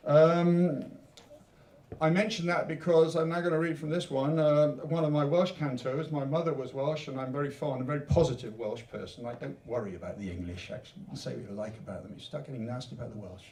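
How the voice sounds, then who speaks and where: A man's voice: on the high side, warm tone, slight background noise. A man reading his own poems at a literature event, with rambling, joking asides between poems and a rhythmic, emphatic recitation. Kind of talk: poetry reading with chatty introductions. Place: literature event venue, indoors. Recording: echoey room recording from a distance.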